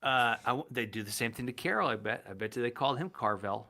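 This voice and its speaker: A man's voice: medium pitch, animated, quick pace, sharp tone. A man chatting on a podcast, making wry, jokey asides. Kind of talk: casual podcast chat.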